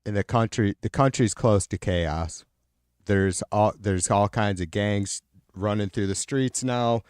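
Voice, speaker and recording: A man's voice: on the low side, a little slow, a little mellow, clear, resonant tone, no room sound, clean studio sound. A man from Michigan hosting a casual livestream, reading viewer comments and ranting angrily with lots of swearing, fillers and restarts. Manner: profane, angry ranting with frequent fillers and restarts. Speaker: livestream host.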